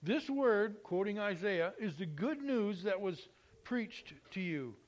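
A man's voice: sits high, measured pace, dull audio. A man preaching a sermon, teaching through scripture and lifting his voice when he quotes it. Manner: expressive, rises loudly when quoting scripture. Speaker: pastor.

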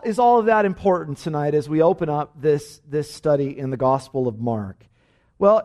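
A man, a pastor, teaching an evening Bible study in an emphatic, animated way, with frequent "uh" fillers. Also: on the high side.

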